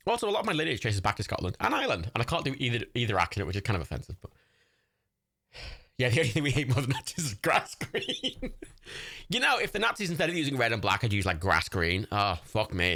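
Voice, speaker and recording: An excitable man riffs through a movie for his livestream viewers, and his pitch leaps wildly from low mutters to high squeals. His voice is bright and forward. He swears casually and laughs often. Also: quick pace, vocal fry. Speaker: livestream host. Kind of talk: casual watch-party commentary.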